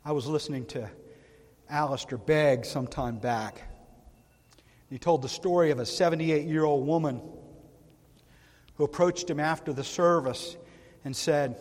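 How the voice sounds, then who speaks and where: A male pastor preaching a sermon in a church, earnest and emphatic, with long pauses. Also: fairly high pitch, lively intonation. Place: church sanctuary. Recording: reverberant church hall.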